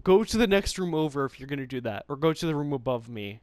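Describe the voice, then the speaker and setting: A young man giving casual, excitable gaming commentary, pleading and yelping in bursts. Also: a little high, fast talker, no room sound, studio quality. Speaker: gamer.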